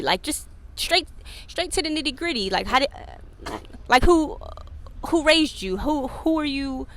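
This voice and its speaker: This podcast host talks alone in a relaxed, candid way, her voice mid-range and her speed normal. Expect frequent profanity, plenty of laughter, and lively impressions of other people's words.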